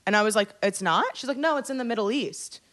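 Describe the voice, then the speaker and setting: A young woman co-hosting a podcast, chatting casually and telling an animated story, swearing freely and acting out what people said. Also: fairly high pitch, quick pace. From North America. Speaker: podcast co-host. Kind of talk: casual chat.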